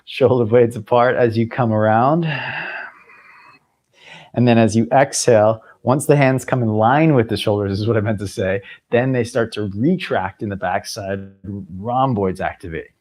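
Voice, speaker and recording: A man teaching a yoga class, cueing breaths and movements in a relaxed way, now and then clearing his throat. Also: on the low side, normal speed. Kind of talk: guided yoga class instruction.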